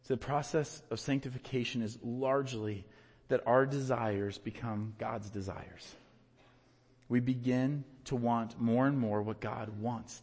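Earnest male pastor in a reverberant hall. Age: adult with young children. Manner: earnest, builds to emphatic peaks then drops low. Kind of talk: sermon.

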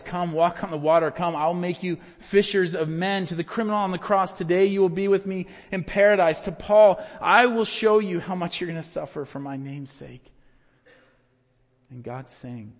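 A man delivers a sermon with a somewhat high-pitched voice. He swings between loud, emphatic peaks and hushed, quiet questions. His voice rings out with a long reverb, as if in a large hall. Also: fairly quick, few pauses. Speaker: pastor.

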